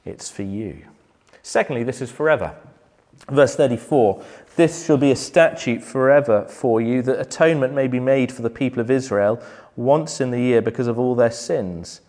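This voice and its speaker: A man's voice: medium pitch, normal speed. Earnest man preaching a sermon. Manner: earnest, swells loud on key points then drops soft.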